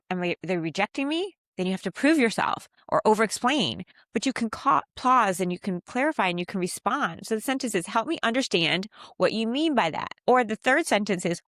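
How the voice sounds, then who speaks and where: A woman giving a calm, faith-based self-help talk on handling conflict. She teaches step by step and slows down to stress key phrases. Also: mid-range voice, no echo, studio quality. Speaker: communication coach.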